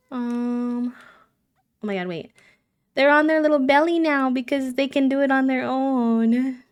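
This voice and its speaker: A woman's voice: high-pitched, measured pace, clear, resonant tone. A woman live-streaming a game, chatting casually, giggling and cooing fondly at the characters. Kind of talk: casual chat while playing a life-sim game.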